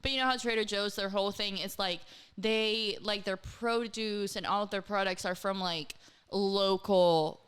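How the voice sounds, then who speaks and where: A woman's voice: medium pitch, steady tone, moderate pace, a bit bright, clear, resonant tone. A woman co-hosting a casual chat show, talking bluntly with plenty of slang and swearing. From Texas. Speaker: co-host.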